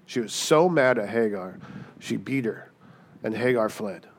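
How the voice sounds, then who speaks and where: A man preaching a sermon in a lively, conversational way, acting out the people he quotes and often asking "right?". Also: fairly low pitch, unhurried, breathy edge. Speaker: pastor.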